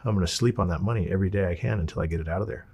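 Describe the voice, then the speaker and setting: A man as an interview guest, telling his story in a casual, animated and blunt way, swearing freely. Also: low-pitched, very fast, slightly rough.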